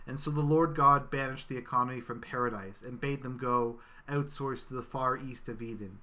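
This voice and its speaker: A man giving a scripted satirical reading in a solemn, mock-biblical cadence with deadpan asides. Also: mid-range voice, normal speed, few pauses. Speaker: satirical reader.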